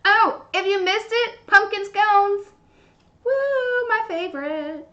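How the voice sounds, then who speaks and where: Very high, bright bubbly woman streamer. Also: slow. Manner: bubbly, gushing, squealing with excitement. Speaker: baking livestream host. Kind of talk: casual live-stream chat while baking. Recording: dull lo-fi stream audio.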